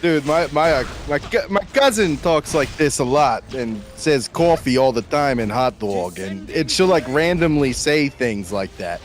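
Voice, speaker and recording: A man's voice: mid-range voice, expressive, measured pace, hardly any pauses, faint music behind. A man guesting on a live stream, chatting casually in a laid-back, chuckling way.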